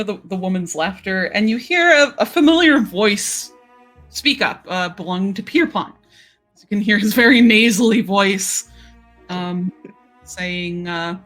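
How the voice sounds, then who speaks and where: A woman acting as game master, narrating a tabletop game in a relaxed, hesitant way with many fillers. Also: medium pitch.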